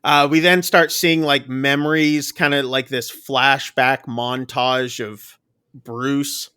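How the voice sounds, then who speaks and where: A man's voice: medium pitch, flat delivery, takes it slowly, bright, forceful tone, clean tone, no room sound, studio quality. A man co-hosting a podcast, casually retelling a film's plot with lots of fillers. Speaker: podcast co-host. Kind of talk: casual film review chat.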